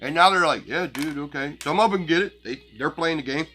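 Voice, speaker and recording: A man's voice: fairly high pitch, brisk, pushed and bright, faint music behind. Crass, foul-mouthed man ranting at viewers. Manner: crass, blunt and heavily profane; scornful, laughing at his viewers. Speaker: channel host. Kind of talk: profane casual rant to viewers.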